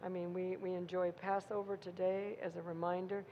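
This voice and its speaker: A woman's voice: on the low side, flat delivery, normal speed, dark tone. A woman preacher giving an informal sermon, retelling a story in a folksy, conversational way and asking her listeners "Amen?". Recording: dull audio in a reverberant hall, faint noise.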